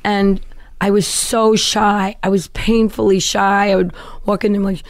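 A woman's voice: medium pitch, a little slow, no room sound, clean studio sound. Woman telling her life story. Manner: animated, acts out quoted voices. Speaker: guest. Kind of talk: casual interview storytelling.

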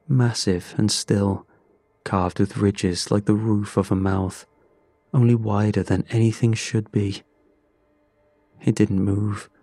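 A man giving scripted horror narration in a slow, measured, grim first-person telling. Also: lowish voice, mellow, dry recording.

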